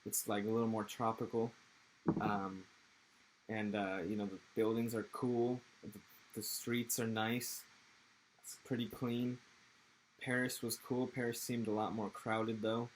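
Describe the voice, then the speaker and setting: A man's voice: on the low side, flat delivery, a little slow, a little hiss or hum, poor audio. A young man from Texas with an American accent, chatting loosely in an interview with rambling, laid-back, profane slang. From Texas, USA. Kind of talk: casual interview chat.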